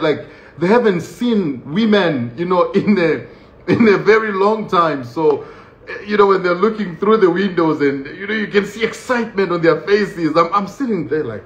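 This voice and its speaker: A man casually telling a story about his own experience, lively and laughing often, acting out the voices of the people in it. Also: high voice, moderate pace. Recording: roomy, dull lo-fi sound with faint ambience.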